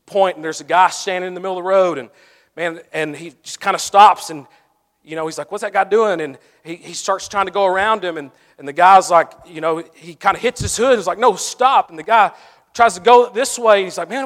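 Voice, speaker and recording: A man preaching a sermon and closing in prayer, telling stories animatedly, swinging from loud to hushed. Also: sits high, a little fast. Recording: long hall reverb.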